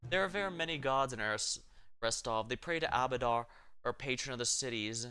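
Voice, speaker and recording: A humble, weathered high priest with a calm, measured delivery, read aloud by a man. The voice is bright and middling in pitch, pious and patient as he explains his duties. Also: clear, resonant tone, close to an everyday voice. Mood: earnest.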